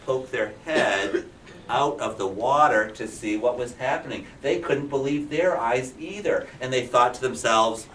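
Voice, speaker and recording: A male kindergarten teacher tells a story with lively, questioning delivery, prompting the children as he goes. His tone is bright and clear. He is picked up from a distance in an echoing classroom with faint background noise. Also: mid-range voice, a little slow. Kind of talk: read-aloud storytelling to young children.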